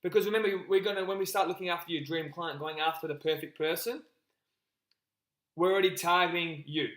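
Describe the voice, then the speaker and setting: Man, business coach, live group call, energetic, repetitive, roomy echo. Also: a little high, brisk. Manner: energetic, repetitive, keeps addressing listeners as guys.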